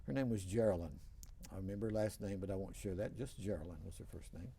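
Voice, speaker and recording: A man's voice: deep voice, fast talker, gravelly, warm tone, breathy edge. An older man hosting a TV talk show, telling long rambling stories with many restarts. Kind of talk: casual storytelling interview.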